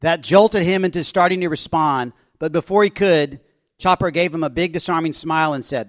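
A man with a fairly high voice reads from his own suspense novel, telling it steadily and expressively. The sound is dry and close-miked, with no room echo. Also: normal speed, fairly bright tone. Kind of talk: author reading his novel aloud.

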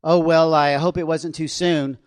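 A man's voice: a little high, steady tone, moderate pace, no room sound, close to an everyday voice. Man voicing a timid, polite cubicle worker, hesitant, dry close sound. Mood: uneasy. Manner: hesitant, polite, on the back foot. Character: mild, awkward American office-worker man.

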